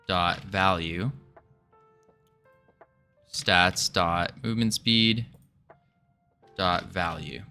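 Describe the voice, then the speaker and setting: A man's voice: sits low, pushed and bright, clean tone. A man streaming his game development work, chatting casually and thinking aloud while he codes, joking and rambling as he goes. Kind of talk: casual live-stream chat while coding.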